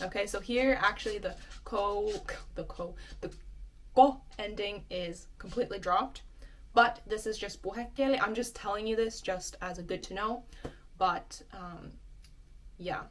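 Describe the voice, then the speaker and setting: A young adult woman teaching a language lesson, explaining patiently and repeating example words clearly. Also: mid-range voice, moderate pace.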